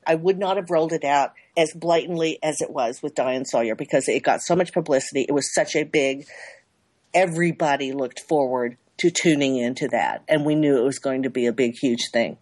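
A woman's voice: low voice, a little fast, a little mellow, no room sound. A middle-aged woman publicist being interviewed, talking in rambling loops that repeat and restart. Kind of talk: interview guest.

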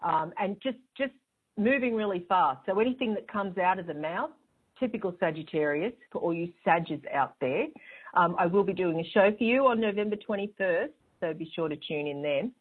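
A woman's voice: on the low side, lively intonation, normal speed, slightly rough. A woman hosting an astrology show, explaining in a chatty, rambling way with a smile in her voice. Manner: chatty, rambling, with fillers and restarts; smiling as she talks. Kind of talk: casual spoken explanation. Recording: tinny phone-line sound.

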